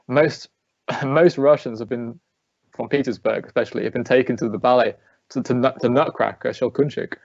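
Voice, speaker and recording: A man's voice: medium pitch, darkish tone, dry recording, highs cut off. A man in his thirties from England, a ballet dancer answering interview questions in a chatty, storytelling way with frequent restarts. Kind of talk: remote interview conversation.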